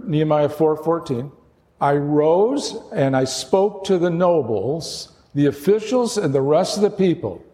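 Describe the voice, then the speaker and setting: Slow, animated male preacher in a hall. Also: a little high. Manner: earnest, slow preaching with emphatic rises. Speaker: pastor. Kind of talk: sermon.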